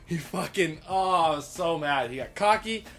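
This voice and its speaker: A man's voice: fairly high pitch, lively intonation, moderate pace, fairly bright tone. A young man co-hosting a casual podcast, ranting and swearing hotly as he recaps a TV episode. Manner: heated, profane, ranting. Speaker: podcast co-host.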